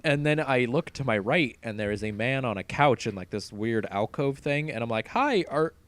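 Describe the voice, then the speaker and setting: A man's voice: medium pitch, a little fast, fairly bright tone, dry recording. A man hosting a podcast, telling a long story in casual chat. He laughs often and swears freely. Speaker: podcast host.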